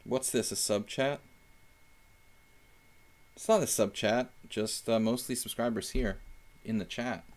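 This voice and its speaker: A man's voice: on the low side, measured pace, long pauses. A young man chatting casually while analyzing chess moves on a live stream, thinking aloud with fillers.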